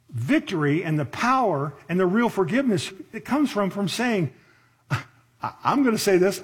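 Husky-voiced man preaching conversationally. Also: fairly high pitch. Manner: conversational preaching, rhetorical questions, slows for emphasis. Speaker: pastor. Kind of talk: sermon.

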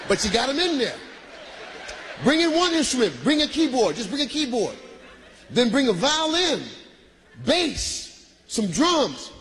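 A man from Michigan doing stand-up comedy, loud and shouting his punchlines while laughing through the bits. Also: extremely high pitch, very animated, a little slow, pauses often, husky.

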